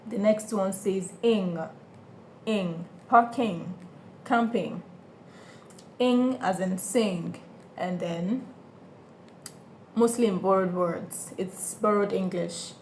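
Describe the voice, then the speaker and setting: A woman's voice: mid-range voice, slow, a little mellow, slight background noise. A woman teaching French sounds to beginners, patiently repeating each example and checking that students follow. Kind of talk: beginner pronunciation lesson.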